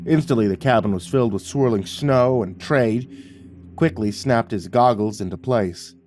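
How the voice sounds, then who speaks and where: A man narrating a scripted sci-fi horror story in a steady, measured way. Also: medium pitch, faint music behind.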